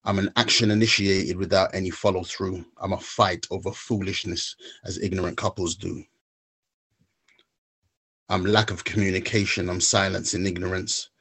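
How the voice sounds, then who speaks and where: A man reciting a spoken word poem in a measured, rhythmic way, then talking haltingly about his own recovery steps. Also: deep voice, flat delivery, fairly bright tone, slightly rough. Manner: halting, searching for words.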